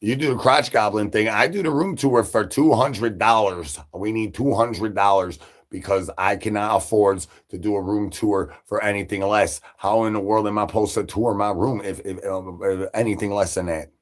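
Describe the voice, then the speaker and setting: A man rambling through absurd nonsense banter on a comic live stream, breaking into sudden high shouted asides. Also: steady tone, normal speed. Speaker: livestreamer.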